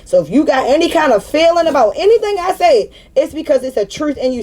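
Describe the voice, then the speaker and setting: Venting on her spiritual vlog, a woman in her thirties delivers an unscripted, blunt, profane monologue to camera and repeats herself to make her points land. Her voice is fairly high-pitched with a dark tone.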